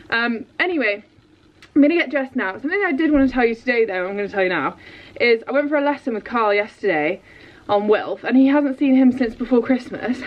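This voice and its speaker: A young woman, a dressage rider and vlogger, chatting in an excitable, rambling way to her viewers. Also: fairly high pitch, a little hiss or hum. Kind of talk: casual vlog chat. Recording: dull lo-fi sound.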